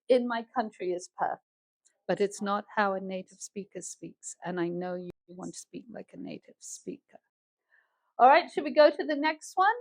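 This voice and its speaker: A woman with a London accent delivers an online English lesson in a slightly high voice. Her teaching is clear and patient, and she explains each point step by step. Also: low-quality recording. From England.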